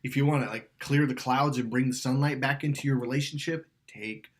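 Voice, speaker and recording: A man's voice: mid-range voice, steady tone, fairly quick. A man coaching on dating, talking emphatically, swearing and acting out quotes. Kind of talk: animated coaching talk.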